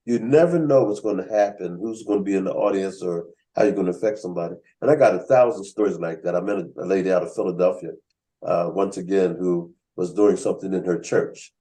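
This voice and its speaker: A man's voice: low voice, fast talker, low-quality recording. A man hosting a writers' workshop on a video call, telling stories and acting out the people he quotes. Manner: animated storyteller acting out quoted voices. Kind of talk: casual storytelling on a video call.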